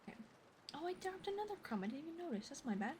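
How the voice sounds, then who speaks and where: A woman's voice: high-pitched, big pitch swings, racing, background noise. A woman ASMR streamer chatting playfully with her viewers, often whispering, giggling and swearing casually. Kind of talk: soft-spoken ASMR livestream chat. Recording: rain ambience behind voice.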